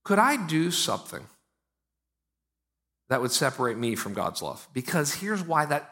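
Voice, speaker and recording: A man preaching a sermon in an animated, conversational way, with frequent asides to the congregation. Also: on the high side, a little slow, pauses often. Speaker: pastor.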